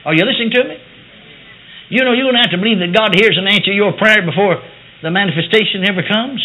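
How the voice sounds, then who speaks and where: A man preaching a sermon testimony, animated, moving between quiet asides and loud declarations. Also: sits high, a little fast, low-quality recording. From United States.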